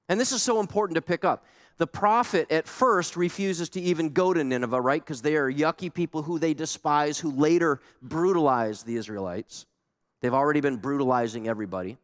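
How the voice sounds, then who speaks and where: Male pastor, lively sermon delivery with rhetorical questions; slightly high voice, echoing hall. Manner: animated, conversational, rhetorical questions.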